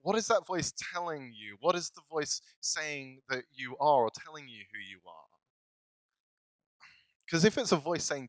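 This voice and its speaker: A man's voice: a little high, expressive, normal speed, fairly bright tone, no echo, rough recording. Guy pastor giving a chill sermon, jokey and self-deprecating, laughs a lot, dry close sound. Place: church.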